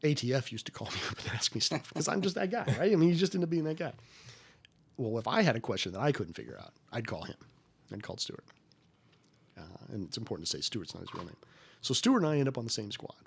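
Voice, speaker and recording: Husky-voiced former agent in his forties. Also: medium pitch, quick pace. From United States. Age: 40s. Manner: folksy and emphatic, rising to animated retellings. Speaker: former federal agent, podcast guest. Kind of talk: conversational interview storytelling.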